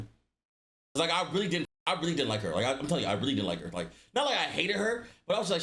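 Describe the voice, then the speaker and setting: A young male streamer tells his chat a casual story in a loose, animated way, packed with slang and filler words as he acts out what people said. His voice runs on the high side and he talks fast.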